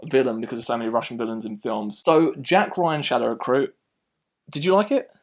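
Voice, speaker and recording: Rambling, animated male film reviewer. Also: mid-range voice, a little fast. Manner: rambling and animated, often restarting sentences. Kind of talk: casual film review chat.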